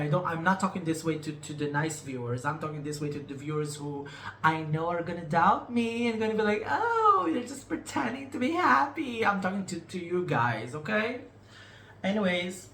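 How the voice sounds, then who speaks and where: A man's voice: on the high side, a little hiss or hum. Rambling, emotional man in an echoey room. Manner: rambling, emotional, repeats himself and trails off; frank and teasing with viewers, swears casually. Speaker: vlogger. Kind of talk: candid personal storytelling to camera.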